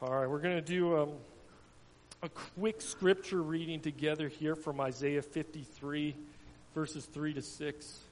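A man reading a children's Bible story aloud to a congregation with dramatic, expressive delivery. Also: fairly high pitch, a little slow. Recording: long hall reverb, faint hum.

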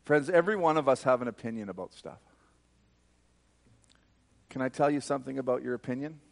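A man preaching a sermon with fervent, emphatic delivery. He speaks at an ordinary mid pitch and leans hard into each point of his testimony. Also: fairly quick, vocal fry.

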